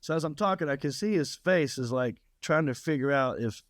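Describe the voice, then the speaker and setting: A man's voice: a little high, animated, a little fast, no echo, studio quality. A man with a Southern US accent, a guest comedian telling stories in casual chat, often stumbling and repeating words. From North Carolina.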